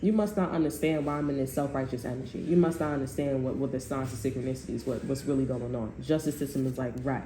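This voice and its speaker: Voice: medium pitch, steady tone, fast, few pauses, warm tone. Slangy, rambling tarot reader in an echoey room. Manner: loose, slangy and profane, rambling with many restarts. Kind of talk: casual tarot reading to viewers. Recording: echoey room with faint noise.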